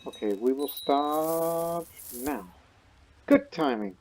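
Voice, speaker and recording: A man's voice: fairly high pitch, expressive, slow pace, background noise. A man giving casual let's-play commentary on a strategy game, playfully acting out the game's characters as he goes. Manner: role-plays the game's characters in a joking tone. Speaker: gaming YouTuber.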